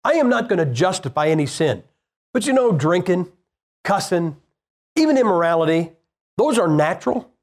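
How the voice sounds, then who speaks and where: A man's voice: high voice, very animated, moderate pace. A man preaching a sermon, telling a personal story in a plain-spoken, conversational way and firing rhetorical questions at the congregation.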